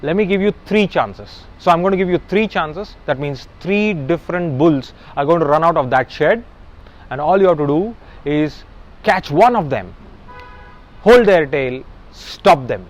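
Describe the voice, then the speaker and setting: A man voicing a calm kindly village father. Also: fairly high pitch, highs cut off. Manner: measured and gentle.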